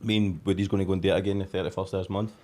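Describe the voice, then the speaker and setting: A man's voice: sits low, flat delivery, racing, darkish tone. A Scottish man co-hosting a podcast, telling rambling stories in broad slang. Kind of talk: casual chat.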